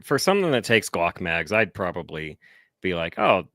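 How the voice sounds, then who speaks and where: A man with a very low voice talks in a laid-back, wry way as a podcast co-host. The recording is dry and close-miked. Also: very animated, normal speed, pushed and bright, no room sound. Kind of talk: casual chat.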